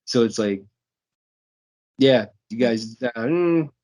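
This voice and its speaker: Man, middle pitch, loose and rambling, curses, laid-back movie talk. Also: expressive, slow, a little mellow. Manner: rambling and profane, repeats himself, frequent fillers. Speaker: podcast co-host. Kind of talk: casual movie discussion.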